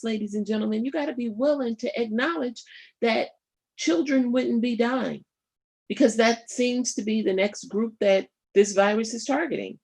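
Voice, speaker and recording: A woman radio host delivering live political commentary in a gravelly, husky voice. She talks emphatically and rhetorically, turning often to her listeners, and pauses with fillers as she gathers her thoughts. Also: a little high, a little mellow. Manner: thinks aloud with fillers and pauses.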